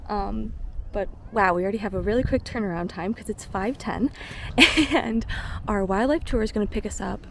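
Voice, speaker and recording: A woman travel vlogger gushing excitedly and saying "like" a lot, filmed outdoors at a lakeside lodge on a handheld camera. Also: medium pitch, normal speed, creaky. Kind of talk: casual travel vlog. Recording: noisy outdoor ambience.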